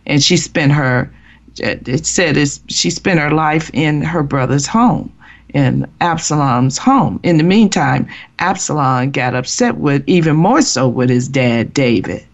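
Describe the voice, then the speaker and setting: Slow, halting woman telling her testimony. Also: low-pitched, expressive. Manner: halting, earnest, with restarts. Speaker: guest sharing her testimony. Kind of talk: personal faith testimony. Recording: muffled lo-fi recording.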